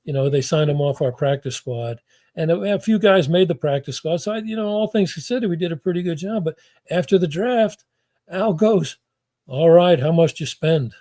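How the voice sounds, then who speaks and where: A man's voice: a little high, a little fast, warm tone, dry recording. Older man rambling through anecdotes. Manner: rambling, with many restarts and acted-out quotes. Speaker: guest, former football front-office executive. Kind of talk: anecdotal interview storytelling.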